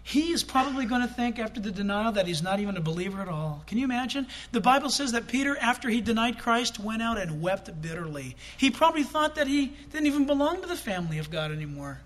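A middle-aged man preaching a sermon as pastor, animated, acting out quotes with sudden loud bursts. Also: very high-pitched, fast talker, hardly any pauses.

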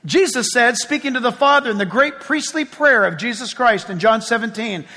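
A man preaches to his congregation in a high, clear voice, chatting through asides and acting out little scenes. His bright, forceful tone rings with the long echo of a large church hall. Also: normal speed. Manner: lively, conversational preaching with asides and acted-out scenes. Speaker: pastor. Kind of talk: sermon. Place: church sanctuary before a congregation.

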